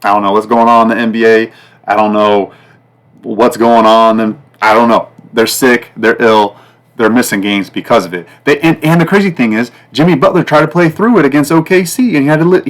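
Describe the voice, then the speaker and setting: A man hosting a sports betting podcast in a loose, rambling way, full of fillers and repeats, with sudden jumps up and down in pitch and loudness. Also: a little fast. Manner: rambling, repetitive, fillers like "like" and "guys"; pitch and loudness swing up and down from line to line. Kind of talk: casual betting talk.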